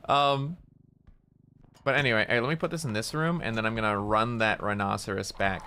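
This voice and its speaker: A man with a bright, forceful voice chatting casually as he streams a game. He rambles through an anecdote, stammers and repeats words, and drops swear words without a second thought. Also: lowish voice, a little fast, slight background noise. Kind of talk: casual storytelling while gaming.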